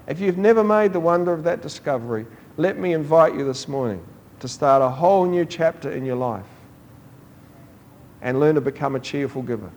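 A man preaching a sermon, telling stories and acting out quoted voices. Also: a little fast. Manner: animated storytelling, acting out quoted voices with rising pitch.

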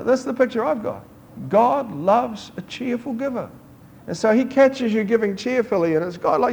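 A man's voice: moderate pace, vocal fry, highs cut off. A man preaching a sermon, telling stories and acting out quoted voices. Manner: animated storytelling, acting out quoted voices with rising pitch.

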